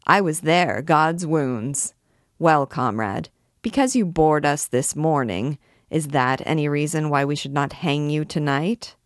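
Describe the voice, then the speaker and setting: A woman's voice: low voice, lively intonation, measured pace, no room sound, clean studio sound. A woman voicing a haughty, savage male beggar king who speaks in a mocking, menacing way while reading a classic novel aloud.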